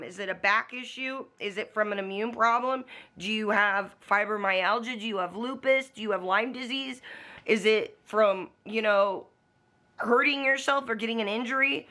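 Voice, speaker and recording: A woman's voice: a little high, pushed and bright. A woman vlogging from home in a casual, blunt, profane rant aimed straight at the camera. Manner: talks to the camera.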